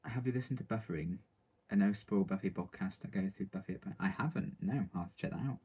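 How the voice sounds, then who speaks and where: Guy on a livestream answering viewer questions, deep mellow voice, lots of ums. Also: fast, husky. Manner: rambling, with many ums and likes. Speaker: vlogger reading viewer questions. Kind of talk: casual live-stream chat.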